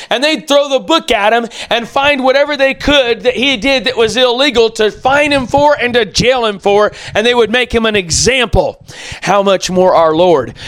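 A male pastor delivers a sermon in a fairly high, smooth and resonant voice, recorded close and dry. He preaches with emphasis, repeating key phrases to drive each point home. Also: a bit bright, no echo.

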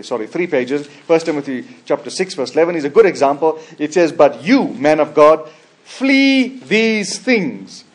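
A man preaching a sermon as a pastor, emphatic, with sudden loud high bursts, quiet trailing endings and frequent restarts. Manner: frequent restarts and repeated words. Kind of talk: expository sermon.

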